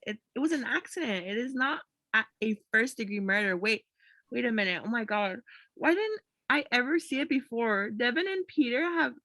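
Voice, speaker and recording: A woman voicing an excitable young male novelist who gushes, in an amateur comedic audio drama. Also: a little high, no echo. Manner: gushing, excitable.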